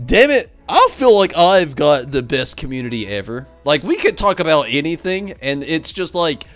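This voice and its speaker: A man streaming games, chatting casually and telling rambling, animated stories full of fillers. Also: fairly high pitch. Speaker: game streamer. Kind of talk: casual chat while streaming.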